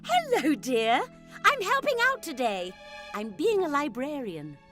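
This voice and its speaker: A woman's voice: high-pitched, wildly swooping pitch, a little slow, heavily acted. A woman voicing a kindly grown-up aunt bunny helping out as a librarian, with a welcoming manner. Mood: friendly. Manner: warm and welcoming. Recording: studio voice with music underneath.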